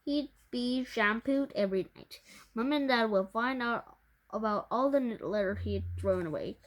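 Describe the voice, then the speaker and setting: Woman, storybook read-aloud, fairly high voice, halting with restarts. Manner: halting, restarts words often. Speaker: storybook reader. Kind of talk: reading a children's book aloud.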